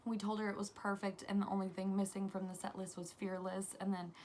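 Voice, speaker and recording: A young woman vlogger excitedly telling a story to camera, gushing and breathless, full of restarts. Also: mid-range voice, fast, slight background noise.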